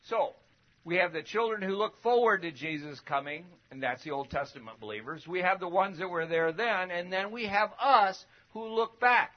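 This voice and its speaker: A fairly high-voiced man preaching a sermon in a lively, conversational way. He fires off rhetorical questions and jumps between loud, emphatic bursts and quiet asides. The recording sounds dull and lo-fi. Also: normal speed. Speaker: preacher teaching a Bible lesson.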